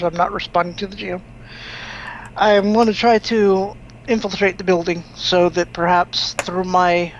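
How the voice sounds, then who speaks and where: A woman player in a tabletop role-play session, speaking in a brisk, businesslike way as she plans her moves. Her voice comes through a dull, lo-fi microphone with faint hiss behind it. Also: on the low side. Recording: dull lo-fi mic with faint noise.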